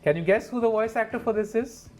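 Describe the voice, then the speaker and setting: A man's voice: sits high, fast, darkish tone, soft background music. A man giving chatty, opinionated commentary over gameplay. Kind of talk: casual let's play commentary.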